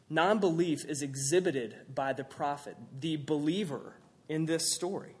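A man preaching a sermon, animated, swinging from raised emphatic lines to quiet low asides. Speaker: pastor.

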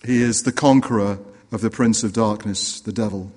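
Earnest preacher in an echoing hall. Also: male voice, on the low side, fairly even intonation, normal speed. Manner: earnest, rising for emphasis, dropping to quiet. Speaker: pastor. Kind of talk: sermon.

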